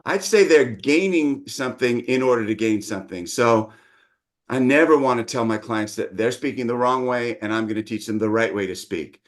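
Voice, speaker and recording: A man's voice: mid-range voice, moderate pace. A middle-aged man, a dialect coach, patiently explaining his teaching methods in an interview.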